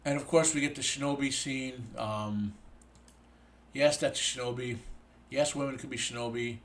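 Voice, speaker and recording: A man's voice: mid-range voice, fairly even intonation, moderate pace. Tired guy rambling thru a tv episode review, lots of ums and restarts, medium voice. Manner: rambling, with many fillers and restarts. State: tired, yawning. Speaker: host of a TV review show. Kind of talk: casual spoken review.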